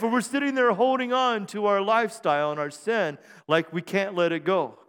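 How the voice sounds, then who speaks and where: A middle-aged male pastor preaching a sermon on a church stage mic, joking and self-deprecating, then building to shouted praise. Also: high voice, normal speed. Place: church sanctuary. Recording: long hall reverb in a church.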